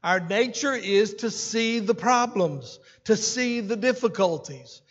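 Preacher guy, kinda high voice, chatty sermon, echoey church sound that's a bit dull. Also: animated, takes it slowly. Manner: folksy and conversational, with fillers and asides to the congregation. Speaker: senior pastor. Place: church sanctuary. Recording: dull sermon recording with long hall reverb.

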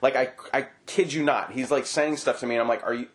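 A man's voice: mid-range voice, fairly quick. A man hosting an interview podcast, chatting casually and telling jokey stories. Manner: joking, lively storytelling. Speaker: podcast host.

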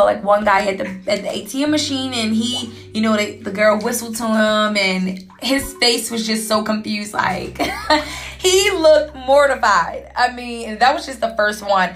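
A woman's voice: fairly high pitch, normal speed, soft background music. Chatty woman telling a story. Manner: candid, animated retelling with frequent fillers. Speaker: podcast host. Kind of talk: casual storytelling monologue.

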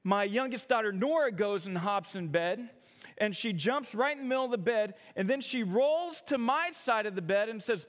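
A man in his thirties with a high, light voice gives a sermon from the pulpit. He tells his own stories in a conversational, self-deprecating way, often stumbling over his words as he restarts. His voice rings out with a long reverb through a church hall. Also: lively intonation, normal speed, a bit bright. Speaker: pastor. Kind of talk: sermon with personal storytelling.

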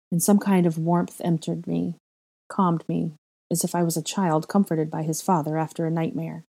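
Low, mellow woman narrating a story. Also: gravelly. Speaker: fan fiction reader. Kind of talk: first-person story narration.

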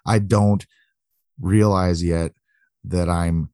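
Deep-voiced earnest man co-hosting. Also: fairly even intonation, drawn-out words, warm tone, no echo, clean studio sound. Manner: earnest, reflective, speaks from personal recovery. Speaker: podcast co-host. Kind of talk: conversational interview.

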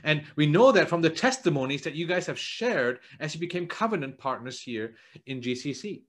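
A man, a church elder, preaching a sermon in an earnest way, often repeating words as he searches for phrasing and dropping low and soft for quoted lines. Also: expressive, a little fast.

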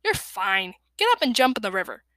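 A woman's voice: mid-range voice, very animated, a little fast, sharp tone, no echo, clean studio sound. A woman voicing a stern, dismissive adult female dragon trainer who gives curt orders.

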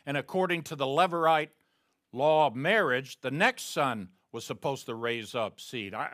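A man preaching a sermon, telling the story with acted-out quotes and swinging from quiet asides to loud, emphatic peaks. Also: medium pitch, dry recording, clean studio sound. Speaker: pastor.

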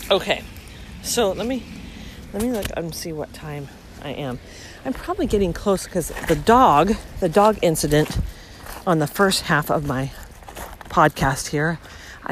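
A lower-voiced woman talks into her phone while walking on a beach, rambling casually and breaking into excited bursts. Her pitch swings widely as she goes. A faint outdoor hiss sits behind her. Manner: chatty and excitable, lots of ums. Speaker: podcast host.

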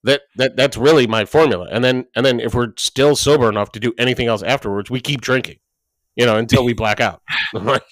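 A man's voice: medium pitch, fairly even intonation, fast, fairly bright tone, no room sound. A man co-hosting a podcast, telling long casual stories full of "like" and quoted dialogue, swearing freely. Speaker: podcast co-host. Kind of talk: casual storytelling chat.

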